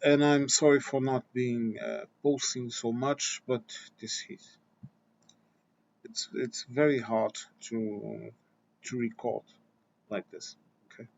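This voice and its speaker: A man's voice: medium pitch, steady tone, slow, vocal fry, highs cut off. A man delivering a blunt, exasperated opinion rant to his viewers, swearing and restarting his sentences. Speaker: vlogger.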